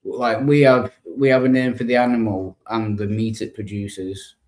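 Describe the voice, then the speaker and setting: A man's voice: lowish voice, steady tone, normal speed, darkish tone, echoey room. A man in casual conversation, agreeable and chatty. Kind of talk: casual chat.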